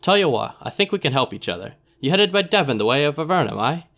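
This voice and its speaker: A man voicing a shifty, wary scrap merchant who talks in a rough drawl, calling people "mate.". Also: on the low side, little pitch movement, a little fast. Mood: gruff. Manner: rough-edged drawl, says "mate" and "aye".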